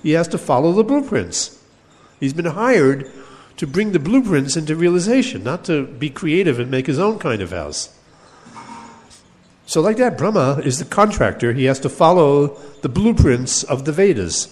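A man with a fairly high voice gives a scripture lecture in a measured, explanatory way. He stops now and then to reread a quoted verse before unpacking it. A long hall reverb trails behind every phrase. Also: lively intonation, a little mellow. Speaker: teacher of Vedanta scripture.

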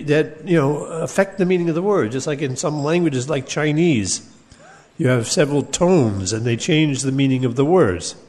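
A man giving a scripture class, explaining texts in a measured way and pausing over quoted verses. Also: fairly high pitch. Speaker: teacher of Vedanta scripture. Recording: long hall reverb.

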